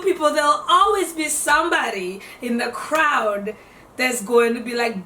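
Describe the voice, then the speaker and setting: A woman giving casual self-development advice to camera, lively, acting out what other people say and laughing often. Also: on the high side, a little slow. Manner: animated, acts out quotes in voices, laughs often. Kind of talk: casual motivational talk to camera. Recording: echoey room, voice a bit off-mic.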